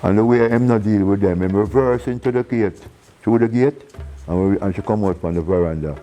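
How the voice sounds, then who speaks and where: A man with a Jamaican accent spins stories in a relaxed interview, his voice sitting low and warm. He is animated and theatrical, slipping into the voices of the people he describes and breaking into laughter. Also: a little fast, soft background music, rough recording. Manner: animated storyteller who acts out quoted voices and laughs often. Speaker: reggae singer being interviewed. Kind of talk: casual storytelling in an interview.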